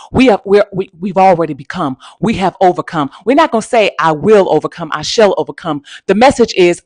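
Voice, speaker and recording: In a dry recording, a lowish-voiced woman, a channel host working as a spiritual coach, preaches motivation emphatically and repetitively, calling listeners pet names in a sermon-like cadence.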